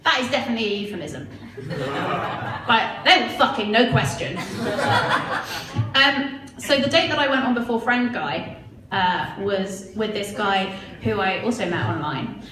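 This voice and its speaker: A woman's voice: mid-range voice, lively intonation, a little slow, recorded from a distance. A woman in her twenties doing a chatty, self-mocking stand-up comedy set on a club stage, often asking the crowd "right?". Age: 20s. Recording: echoey club mic heard from afar, audience noise. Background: audience laughter.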